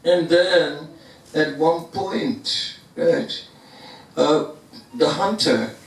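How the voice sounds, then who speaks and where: A man gives a sermon as a spiritual teacher, telling stories in a slow, deliberate way. His voice sits fairly high. He is heard from far off in a very echoey hall. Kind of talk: sermon storytelling.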